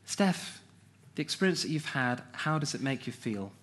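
A man's voice: medium pitch, sing-song, normal speed, fairly bright tone. A man leading a church interview, asking questions in a hesitant, conversational way. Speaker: church leader interviewing a member.

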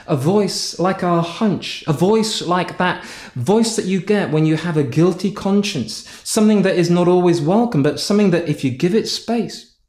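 High-voiced man preaching in an echoey room. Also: lively intonation, moderate pace, darkish tone. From North Yorkshire, England. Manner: storytelling, acts out his own prayers in a raised, exasperated voice. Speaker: pastor. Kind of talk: sermon.

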